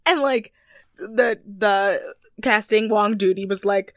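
A young woman co-hosting a casual recap chat, animated and playful, laughing often. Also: medium pitch, slow, dry recording, clean studio sound. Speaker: podcast co-host.

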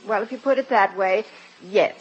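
An actress playing a sweet, coaxing wife who gets flustered, in 1940s radio comedy style. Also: female voice, mid-range voice, normal speed, slightly rough, close to an everyday voice. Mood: sweetly coaxing. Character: fussy, scheming middle-aged wife. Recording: muffled old radio broadcast.

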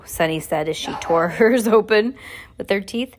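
A woman's voice: lowish voice, normal speed. Woman, reading aloud, chatty, casual asides, joking commentary. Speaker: reader.

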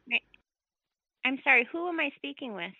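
Flustered high, bright woman on the phone. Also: animated, normal speed, slightly rough, lo-fi sound. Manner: polite, stammering, confused. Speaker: car rental agent. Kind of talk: phone customer service.

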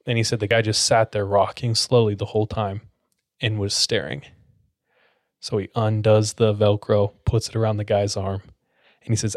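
A man's voice: on the low side, no echo. A man telling a creepy story to friends in a casual, suspenseful way with plenty of fillers, close to the mic. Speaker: podcast storyteller.

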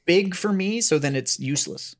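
A man's voice: sits high, animated, normal speed. A man co-hosting a podcast in casual chat, swearing freely and trailing off mid-sentence. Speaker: podcast co-host.

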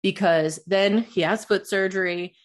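A woman's voice: medium pitch, steady tone, a little slow. A young adult woman, telling a personal story in a candid, rambling way, swearing freely and using lots of fillers.

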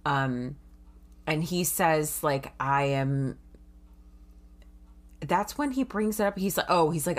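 A woman's voice: low voice, animated, slow, long pauses. A woman chatting casually about a book and its movie, reading passages aloud.

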